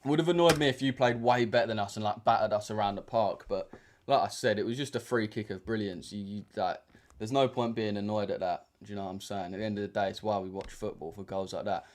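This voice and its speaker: A fast-talking young man with a lowish voice runs a trading livestream, chatting in a casual way. His banter is slangy and laid-back, stuffed with fillers.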